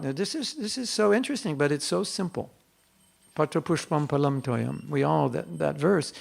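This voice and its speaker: Older guy teaching a devotional class, earnest and chatty, gravelly voice. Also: on the high side. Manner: earnest and conversational, acts out quotes in soft hushed tones. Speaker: spiritual teacher giving a class.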